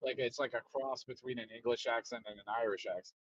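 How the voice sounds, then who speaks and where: A man's voice: mid-range voice, steady tone, fast talker, fairly bright tone, dry recording, lo-fi sound. A man chatting casually on a livestream, hesitant and repeating himself as he explains.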